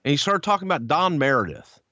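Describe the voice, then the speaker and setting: A man's voice: a little high, fast, no room sound. A man host telling a long backstage story in casual chat, swearing freely and acting out what others said. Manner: animated, profane storyteller acting out quotes. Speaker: podcast host. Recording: dull lo-fi dry sound.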